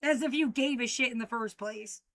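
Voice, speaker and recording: Upset high-voiced woman ranting and swearing. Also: moderate pace, dry recording. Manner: swearing, shifting between muttering and shouting. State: upset, frightened. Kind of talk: agitated personal video rant.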